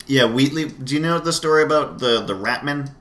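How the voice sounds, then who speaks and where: A man's voice: fairly high pitch, brisk, fairly bright tone. A man hosting a casual podcast chat, rambling with frequent restarts and laughter. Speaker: podcast host.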